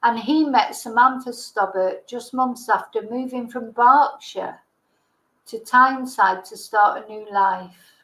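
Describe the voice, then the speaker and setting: Female livestream host, casual true-crime narration, hesitant and chatty; slightly high pitch, roomy echo. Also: a little slow, a bit bright. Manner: chatty, hesitant, with ums and restarts.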